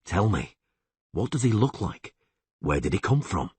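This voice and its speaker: Guy doing calm patient monster hunter, low husky voice, dry. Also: dry recording, exaggerated voice. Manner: calm, level, measured.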